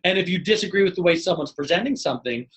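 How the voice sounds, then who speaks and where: Energetic middle-aged male leadership trainer, slightly higher voice, lively webinar delivery that slips into acted dialogue. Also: fast, poor audio. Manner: energetic, animated, acts out dialogue. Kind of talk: live webinar teaching.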